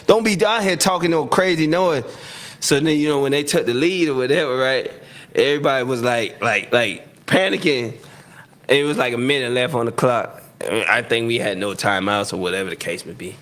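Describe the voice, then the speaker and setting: A man telling football stories in a casual interview, acting out quotes loudly and laughing often. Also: medium pitch, brisk. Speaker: retired football receiver, guest.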